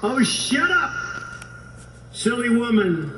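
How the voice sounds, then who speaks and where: A sly, cruel snake pleads in a repeated refrain, as a man reads him aloud at a rally. The voice sits high and unhurried, heard from afar in an echoey hall with faint crowd ambience. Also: distant mic, background noise. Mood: sneering. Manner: pleading refrain, then sneering. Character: sly, cruel male snake begging to be taken in.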